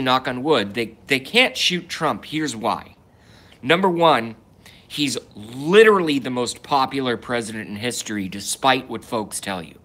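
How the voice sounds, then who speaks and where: A man's voice: mid-range voice, sharp tone. A young adult man hosting a solo livestream rant. He rambles in stop-start bursts full of restarts and asides, and reads viewer comments aloud and answers them. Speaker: livestream host.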